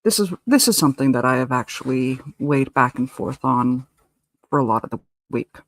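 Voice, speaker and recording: A woman's voice: very deep voice, expressive, moderate pace, dry recording, clean studio sound. Blunt, emphatic woman co-host. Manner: blunt, emphatic, spells out her point. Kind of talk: casual live-stream chat.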